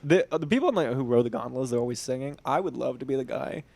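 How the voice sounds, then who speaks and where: A man's voice: medium pitch, animated, fast, creaky, a little mellow. A man, a stand-up comedian, chatting as a guest on a podcast. He laughs often and riffs on jokes. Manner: laughing often, riffing with put-on voices. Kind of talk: casual comedic chat.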